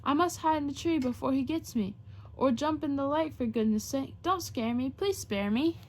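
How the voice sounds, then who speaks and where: A woman's voice: sits high, moderate pace, a little mellow. Woman reading as a nervous, sneezy elephant. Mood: panicked. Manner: sing-song, rhyming, apologetic.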